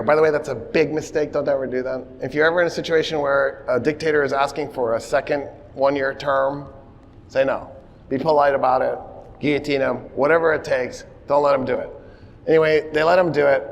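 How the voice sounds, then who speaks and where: A man giving a humorous history lecture, telling the story in an animated way and acting out quotes. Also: mid-range voice, a little hiss or hum. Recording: long reverb of a lecture hall.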